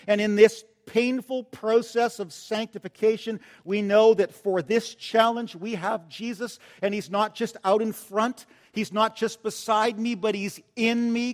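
A man with a notably high voice preaches to his church, telling a story. He pushes some phrases out loudly and drops others to a gentle hush. His words ring out in a long, echoing church reverb. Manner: storytelling, swings between loud emphasis and soft tender asides. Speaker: pastor. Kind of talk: sermon. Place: church sanctuary.

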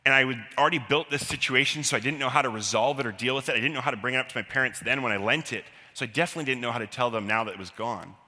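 A man telling a personal childhood story live, animated and self-deprecating, acting out the quotes. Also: mid-range voice. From Canada. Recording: long hall reverb.

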